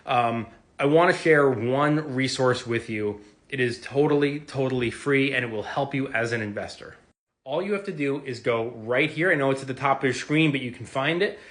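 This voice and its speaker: A man giving energetic, reassuring investing advice straight to camera, acting out quick reactions as he goes. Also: mid-range voice. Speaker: investing video creator. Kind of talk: direct-to-camera finance talk. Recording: roomy echo.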